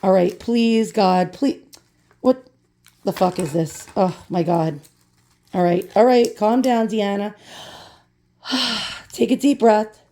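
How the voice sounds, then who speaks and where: Hoarse woman in a profane rant. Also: mid-range voice, takes it slowly, mellow. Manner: exasperated, profane ranting. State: hoarse, lost her voice. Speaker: vlogger unboxing purchases. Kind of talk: unscripted rant vlog.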